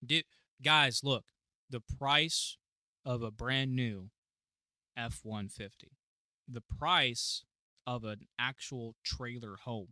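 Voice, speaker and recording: A man from the United States hosting a casual reaction video, excitable and profane, laughing often. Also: medium pitch, takes it slowly, pauses often, no room sound, clean studio sound. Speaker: reaction channel host.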